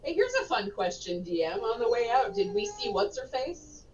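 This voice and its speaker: Woman, tabletop player, sarcastic, animated pitch, distant dull mic, faint noise. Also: moderate pace. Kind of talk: casual tabletop play.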